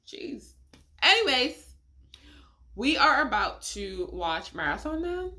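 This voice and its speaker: A woman hosting a casual reaction video, talking in an animated, incredulous way with frequent laughter and rhetorical questions. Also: high voice, slow.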